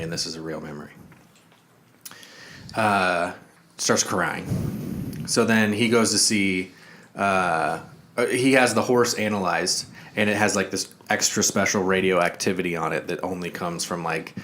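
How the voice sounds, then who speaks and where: Low-voiced man retelling a film plot. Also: a bit bright, a little hiss or hum. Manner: loose plot retelling with fillers and quoted asides. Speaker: podcast co-host. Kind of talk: casual movie review chat.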